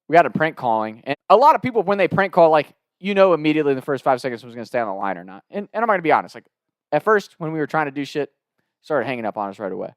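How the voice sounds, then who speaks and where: A man's voice: medium pitch, sing-song, racing, dry recording. A man telling a comedic story in a casual, rambling, profane way.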